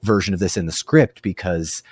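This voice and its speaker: A man's voice: low-pitched, normal speed, darkish tone, husky, no echo. A man co-hosting a podcast in casual chat, playful and jokey but thoughtful. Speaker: podcast co-host.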